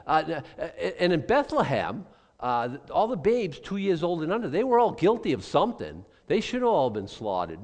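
A man's voice: a little high, wildly swooping pitch, normal speed, a little mellow. An older man preaching a sermon, emphatic, acting out quoted voices and restarting his sentences often. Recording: long reverb of a large hall.

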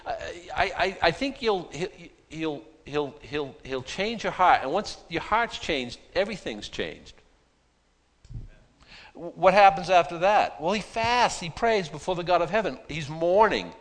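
A man's voice: on the high side, expressive, normal speed. A man with a Boston accent, a pastor preaching an informal, chatty sermon with self-deprecating asides. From Boston, USA. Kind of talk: conversational sermon. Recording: long hall reverb.

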